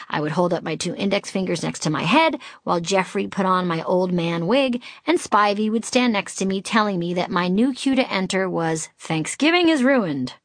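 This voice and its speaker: A woman's voice: mid-range voice, no room sound. Brief: middle-aged woman from Boston, audiobook memoir, wry and candid, dry close-miked sound. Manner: wry, candid, comic timing. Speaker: author narrating her memoir.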